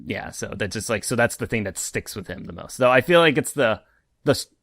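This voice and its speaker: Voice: mid-range voice, animated, fairly quick, a bit bright, dry recording. A thoughtful podcast co-host, speaking hesitantly and feeling out each point. The sound is dry and close, with no room in it. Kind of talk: casual podcast chat.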